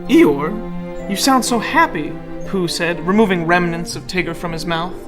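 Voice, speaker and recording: A man's voice: sits high, lively intonation, moderate pace, music in the background. A man in a sketch comedy scene, reading his story aloud in earnest and getting indignant when challenged.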